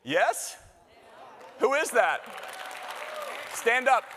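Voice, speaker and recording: A man's voice: very high voice, big pitch swings, drawn-out words, background noise. Jokey man welcoming a big hall. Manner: jokey, chatty, works the crowd with questions. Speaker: executive director giving opening remarks. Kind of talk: live conference welcome speech. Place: large hall with live audience. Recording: long hall reverb.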